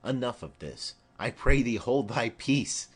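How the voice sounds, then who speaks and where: A man's voice: medium pitch, expressive, slightly rough. A man reading the part of a stately noblewoman speaking formally to her daughter in an audiobook of a play. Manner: formal, measured.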